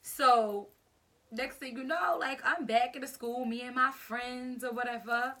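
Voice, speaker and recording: A young woman YouTuber telling a casual storytime to her channel, rambling and animated, with lots of fillers. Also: a little high, unhurried.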